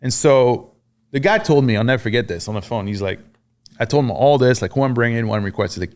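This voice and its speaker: A man's voice: medium pitch, expressive, fast talker, darkish tone. A man from France, a podcast guest and army veteran, telling war stories in casual conversation, cursing freely and acting out what others said. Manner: profane, acts out quoted dialogue.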